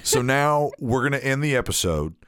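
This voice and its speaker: A man's voice: mid-range voice, animated, normal speed, fairly bright tone, clean tone, dry recording, clean studio sound. A young man co-hosting a casual podcast, telling funny work stories and laughing between lines. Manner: laughing storyteller, blurts jokes. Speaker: podcast co-host.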